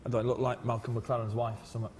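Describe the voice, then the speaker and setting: A man talks quickly and loosely in a casual interview, tripping over repeated words and chuckling as he goes. His voice carries a long reverb tail, as if recorded in a roomy space. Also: mid-range voice, level tone, darkish tone, slight background noise. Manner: rambling, repeats words and laughs between stories. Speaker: musician guest.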